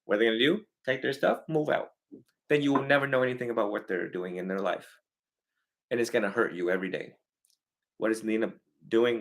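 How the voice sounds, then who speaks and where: A man counseling a family in an animated way, getting loud and then soft, acting out parents and kids. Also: lowish voice, brisk, pauses often. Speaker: Buddhist monk counseling a family.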